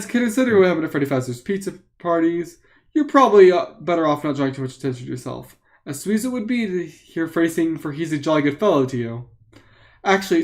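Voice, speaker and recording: A man reading an interactive book aloud live for friends, playful with joking asides. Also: fairly high pitch.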